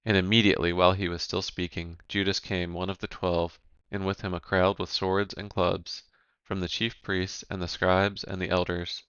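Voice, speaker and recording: Deep, flat-voiced man reading scripture. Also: smooth, no echo, lo-fi sound. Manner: measured, even reading with section headings. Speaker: scripture reader.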